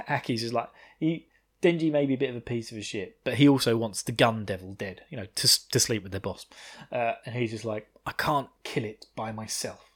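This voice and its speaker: A man's voice: mid-range voice, brisk, husky. A man hosting a podcast, casually recapping an anime episode, rambling, laughing often and swearing freely. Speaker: podcast host.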